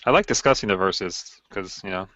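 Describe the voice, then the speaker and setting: Low voiced guy hosting a video call chat, unsure, laughs a lot, dry muffled sound. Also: moderate pace, sharp tone, dry recording. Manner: tentative, guessing, laughs often. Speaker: host of a Bible study hangout. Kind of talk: casual discussion.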